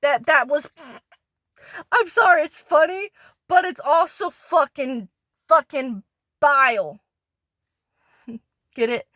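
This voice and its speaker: A woman's voice: sits high, animated, slow pace, pauses often, pushed and bright, dry recording, clean studio sound. A woman in a profane, rambling, angry rant done as an ASMR monologue, pissed off and disgusted, often stumbling and restarting. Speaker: ASMR creator.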